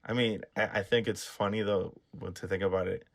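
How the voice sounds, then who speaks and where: A man's voice: fairly low pitch, steady tone, fairly quick, vocal fry. A man hosting a casual movie podcast, rambling and searching for words as he makes his point. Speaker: podcast host. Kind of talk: casual chat.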